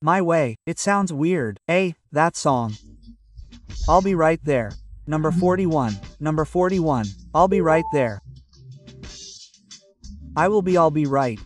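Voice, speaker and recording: A man's voice: on the high side, lively intonation, takes it slowly, long pauses, faint music behind. Man drilling English phrases, a bit distant. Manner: repeats phrases over and over, drilling pronunciation. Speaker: English pronunciation teacher. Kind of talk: phrase-by-phrase language lesson.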